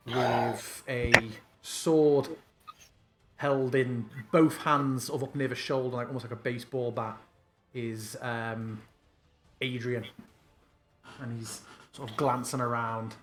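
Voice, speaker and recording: A man's voice: medium pitch, fairly even intonation, slow. A man narrating as game master of an online tabletop game, describing the action loosely with fillers.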